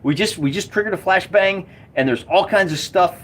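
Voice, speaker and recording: A man voicing a band of panicked male adventurers pleading with orcs not to hurt them, in a high, hurried voice. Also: a bit bright.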